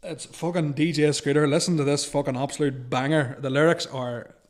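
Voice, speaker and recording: A man chatting casually as a podcast co-host, sweary and excitable, laughing often. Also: on the high side, a little fast. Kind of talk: casual chat.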